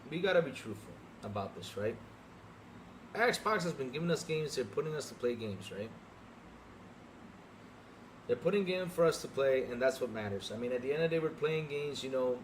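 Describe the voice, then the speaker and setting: A young adult man hosting a live podcast stream, talking straight to his chat in an animated, repetitive way. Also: medium pitch, a little hiss or hum. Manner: animated, talks straight to chat, repeats himself. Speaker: podcast host.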